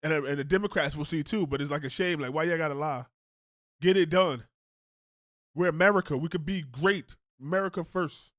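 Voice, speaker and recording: A man's voice: fairly high pitch, brisk, a bit bright, no echo, studio quality. A man hosting a reaction show, talking in a casual, slangy rant and laughing often.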